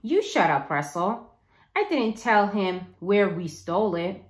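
A woman voicing a loud, screechy boy of about eight who blurts things out, reading a storybook aloud. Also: medium pitch, expressive, unhurried, roomy sound, lightly acted. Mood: squabbling.

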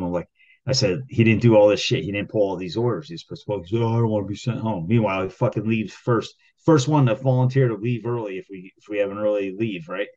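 A lower-voiced man rants his way through a work story, swearing in nearly every breath and shouting out the lines he threw at his coworkers. The recording sounds dull and lo-fi. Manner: heated, rambling, swears constantly, acts out quoted arguments loudly. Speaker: podcast co-host. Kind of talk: casual profane storytelling.

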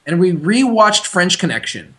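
A man's voice: high voice, very animated, normal speed, sharp tone. A young man co-hosting a podcast, telling stories animatedly with many restarts. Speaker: podcast co-host. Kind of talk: casual chat.

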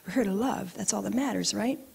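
Her mid-range voice is fairly quick, with vocal fry and a breathy edge, as the woman acupuncturist recounts personal stories at an event venue. Animated and laughing, she acts out what others said.

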